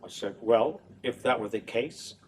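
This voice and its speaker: An older man from New Orleans chats about his work in an animated voice that keeps breaking into laughs. He sits a little back from the mic. Faint room noise hums behind him. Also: medium pitch, unhurried, recorded from a distance. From New Orleans, USA. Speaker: opera tenor and stage director, interview guest. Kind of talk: casual interview chat.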